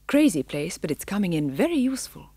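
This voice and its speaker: A woman voicing a brisk, friendly female tabby cat who talks in a chatty, homely way in an audiobook. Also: mid-range voice, sing-song, mellow, breathy edge, dry recording.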